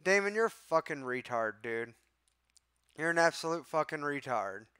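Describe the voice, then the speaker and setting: A man hosting a live stream, venting with a lot of swearing and answering his viewers by name. His voice is smooth and slightly high, recorded close and dry with no room sound. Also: lively intonation, normal speed, pushed and bright, no echo. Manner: exasperated, profane, talks to chat. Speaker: livestream host. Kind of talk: casual live-stream talk.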